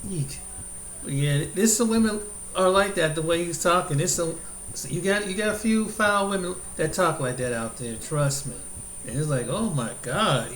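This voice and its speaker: A man's voice: fairly high pitch, roomy sound, slight background noise, low-quality recording. A man hosting a reaction video, rambling casually with lots of restarts and fillers. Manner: rambling, many restarts and fillers, chuckles often. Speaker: video host reacting to a clip.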